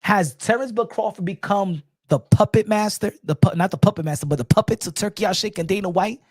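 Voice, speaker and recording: Animated, opinionated boxing-talk host man. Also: sits high, fairly quick, dry recording, studio quality. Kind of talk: casual livestream commentary.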